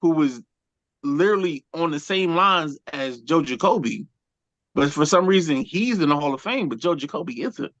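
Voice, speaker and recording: A man's voice: on the high side, lively intonation, moderate pace, fairly bright tone, dull audio. A man co-hosting a sports talk show, arguing heatedly and cutting in with "hold on.". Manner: interrupts, repeats "hold on".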